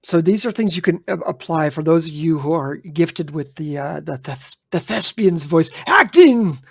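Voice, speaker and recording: A man's voice: a little high, fairly even intonation, moderate pace, creaky, darkish tone, breathy edge, no echo, clean studio sound. A man co-hosting a podcast in casual chat, emphatic and addressing listeners directly. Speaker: podcast co-host.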